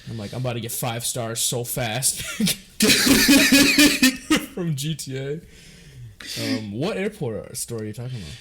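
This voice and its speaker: A man's voice: medium pitch, expressive, unhurried, pauses often, heavy background noise. A young man co-hosting a podcast, telling loose stories with plenty of swearing. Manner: loose storytelling, heavy swearing. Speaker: podcast co-host. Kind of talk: casual chat.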